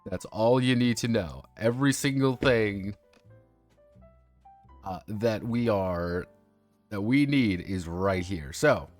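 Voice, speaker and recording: A man's voice: on the low side, slow, long pauses, soft background music. A man streaming a casual review of a tabletop game, rambling and swearing freely. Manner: rambling, profane, many fillers and restarts. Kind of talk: casual chat.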